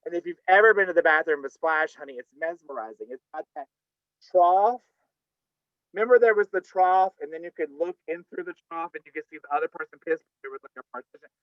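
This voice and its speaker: A man's voice: a little high, fast, no room sound. An older man telling a camp, chatty personal story at a live storytelling night over a video call. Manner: campy, chatty, says "honey, okay?" often. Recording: dull, dry video call audio.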